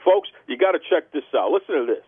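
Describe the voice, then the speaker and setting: Lively husky-voiced wrestling podcast host. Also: male voice, a little high, quick pace, no echo, narrow, tinny audio. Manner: hype-man announcer delivery. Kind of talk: casual wrestling podcast banter.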